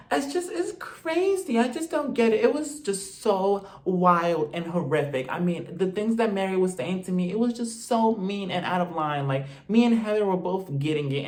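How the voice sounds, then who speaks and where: Man doing a high, whiny, childlike wife. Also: darkish tone.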